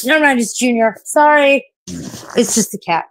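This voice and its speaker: A woman in her forties chats casually on a late-night live stream, her voice a little high and her pace moderate, with slight background noise. She rambles, swears a lot, and laughs at herself.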